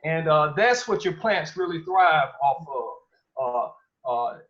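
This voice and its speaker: A man presenting at a gardening workshop, talking haltingly with many fillers and polite "yes ma'am"s. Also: on the high side, lively intonation, fairly bright tone. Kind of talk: casual explanation. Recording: dull lo-fi audio.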